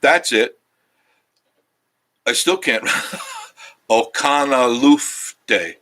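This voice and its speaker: A man's voice: medium pitch, normal speed, a bit bright. A tired man chats casually with his audience from a cabin couch. He rambles, loses his train of thought and circles back, in an easygoing, friendly travel-vlog way. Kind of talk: casual live-stream chat with viewers. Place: cabin living room, sitting on a couch.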